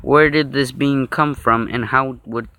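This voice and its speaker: Male reader for a mock-serious horror story read, mid-pitched voice, joking asides, noisy home recording with clicks. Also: fairly even intonation, unhurried, pushed and bright. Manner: joking asides and laughs between narration.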